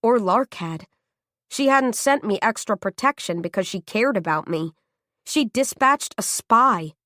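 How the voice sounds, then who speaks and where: A woman reading a first-person novel aloud as audiobook narrator, in a tense, dramatic, measured way. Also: medium pitch, no room sound, studio quality.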